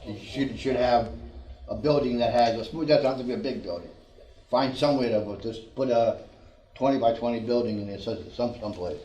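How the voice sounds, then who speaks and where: A man on a committee giving practical suggestions at a meeting, halting and repeating words. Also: medium pitch, dark tone, highs cut off. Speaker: committee member. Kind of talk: meeting discussion. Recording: echoey room, far from mic.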